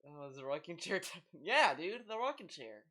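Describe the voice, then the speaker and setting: A man streaming live and reacting to videos, talking in an excitable, stammering way. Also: fairly high pitch, normal speed. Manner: animated, excitable, stammering repeats.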